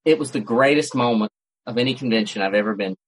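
A man co-hosting a casual podcast speaks at a quick pace in a medium-pitched voice, telling rambling stories and restarting often. The recording is low quality, made on a home setup with a cat around.

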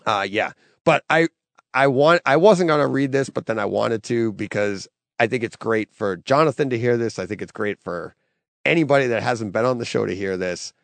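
Male podcast host, gravelly and lively, rambling chat, dry close sound. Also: mid-range voice, normal speed, no echo. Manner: animated, laughing, rambling with restarts. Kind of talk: casual chat.

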